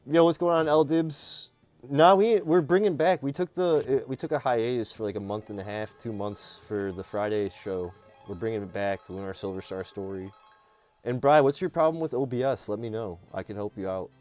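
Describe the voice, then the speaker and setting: A man hosting a live stream, chatting casually and teasing his co-host in an animated, joking way. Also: medium pitch, normal speed, soft background music.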